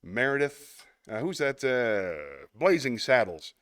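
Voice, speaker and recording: Male host, casual live-stream chat, rambling and upbeat, mid pitch, dry close sound. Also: takes it slowly, no echo. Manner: chatty, rambling, laughs often, animated bursts.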